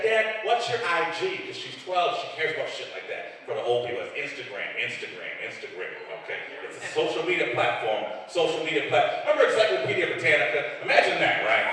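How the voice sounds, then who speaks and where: A man's voice: on the high side, very animated, a little fast, few pauses, pushed and bright, distant mic. A middle-aged man from Detroit doing a profane stand-up set on a club stage, acting out the people he quotes. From Detroit, USA. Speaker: stand-up comedian. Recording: echoey club hall picked up from afar.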